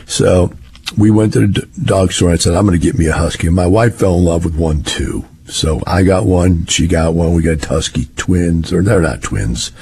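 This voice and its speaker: A man's voice: low-pitched, normal speed, darkish tone, slight background noise. An older man, talking in a rambling, folksy monologue. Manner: rambling, folksy, repetitive phrasing. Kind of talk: casual monologue.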